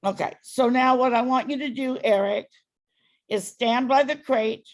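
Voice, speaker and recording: A woman's voice: fairly high pitch, measured pace. A woman dog trainer giving a client patient, step-by-step instructions. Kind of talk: coaching a client through training.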